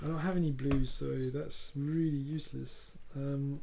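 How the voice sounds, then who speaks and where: A man's voice: medium pitch, flat delivery, normal speed, gravelly, hardly any pauses, music in the background. Easygoing man with a French accent. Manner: easygoing, laughs often. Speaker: board game show co-host. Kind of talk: casual board game play-through.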